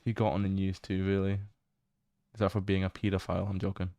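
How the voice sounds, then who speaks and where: A man's voice: low voice, level tone, quick pace, warm tone, no room sound. A man streaming a horror game, chatting casually as he explores, laughing often and swearing now and then. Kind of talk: casual livestream commentary while exploring a game.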